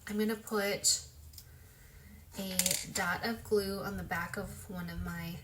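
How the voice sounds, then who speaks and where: A woman talking through a casual makeup tutorial in a loose, chatty way, full of fillers, sometimes dropping to a soft whisper as she works. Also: mid-range voice, fairly even intonation, takes it slowly, background noise. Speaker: beauty vlogger.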